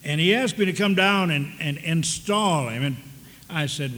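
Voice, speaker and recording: An older man preaching a storytelling sermon in a folksy, halting way, full of restarts. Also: on the high side, animated, a bit bright. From American South. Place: large church hall with audience. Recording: long reverb of a big hall, faint background noise.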